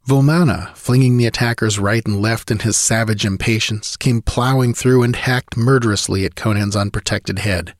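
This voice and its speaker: A man's voice: fairly low pitch, steady tone, moderate pace, hardly any pauses, dry recording, clean studio sound. A man narrating a sword-and-sorcery audiobook with vivid, driving storytelling.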